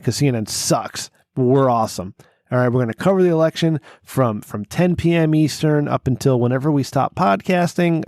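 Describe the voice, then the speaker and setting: A man's voice: mid-range voice, darkish tone, dry recording, studio quality. A man hosting a podcast in a casual, profane, rambling and jokey way. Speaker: podcast host. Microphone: studio mic.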